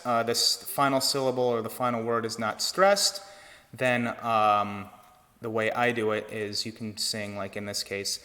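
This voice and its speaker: A man giving an online choir lesson, explaining breath and vowel shape in a relaxed teaching manner. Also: on the low side, a little slow, in a large hall. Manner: relaxed teaching talk with sung demonstrations. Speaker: choir director. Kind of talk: online vocal technique lesson.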